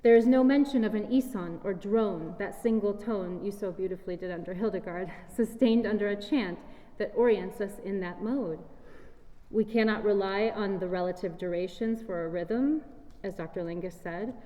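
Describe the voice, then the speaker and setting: A woman giving a measured, explanatory talk as a singer presenting chant, recorded in a large hall. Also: medium pitch, mellow. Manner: measured, explanatory, sings short chant fragments. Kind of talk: scripted lecture-recital talk. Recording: reverberant hall.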